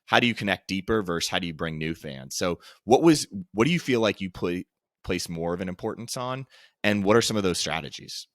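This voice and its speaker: A man hosting a podcast, asking the guest questions and building on his points in a relaxed, conversational way. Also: low voice, fairly quick, no echo, studio quality. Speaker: podcast host. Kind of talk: casual interview talk.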